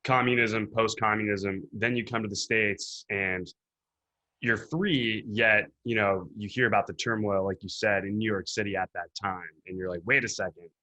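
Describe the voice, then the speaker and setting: A man's voice: on the low side, steady tone, normal speed, sharp tone. A male podcast host asking curious, conversational questions of his guest. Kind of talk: interview questions.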